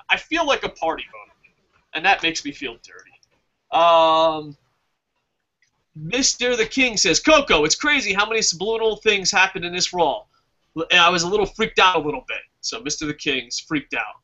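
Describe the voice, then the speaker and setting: A man hosting a casual wrestling review podcast, talking excitably with lots of swearing and reading out live chat comments. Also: high voice. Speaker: podcast host. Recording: dull lo-fi podcast audio.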